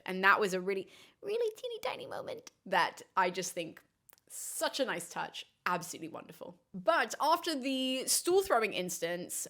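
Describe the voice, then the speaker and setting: Enthusiastic woman analysing a film. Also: mid-range voice. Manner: animated, quick asides, acts out characters' lines. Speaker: classicist host.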